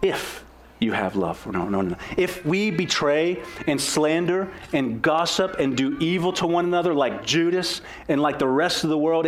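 A young pastor delivers a sermon with earnest, animated energy. His voice is slightly high for a man and jumps up and down in pitch as he drives home his points. His pace swings suddenly too, quickening and slowing by turns.

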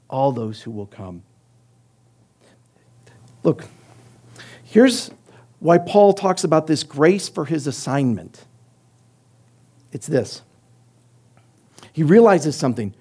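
A middle-aged male pastor preaching a sermon, emphatic, using rhetorical questions and swinging between loud and soft delivery. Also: on the high side, sing-song, takes it slowly, pauses often, husky.

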